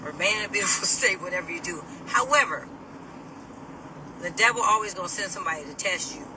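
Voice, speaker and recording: A middle-aged woman telling a personal story to camera in a casual, animated, sassy way, laughing as she mimics people. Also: medium pitch, quick pace, far from the mic, background noise.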